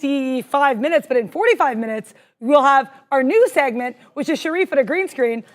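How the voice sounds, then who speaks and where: A woman co-hosting a live trading stream, excitable and rambling, jittery with adrenaline. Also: sits high, brisk. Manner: excitable, rambling, self-deprecating. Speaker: stream co-host, day trader.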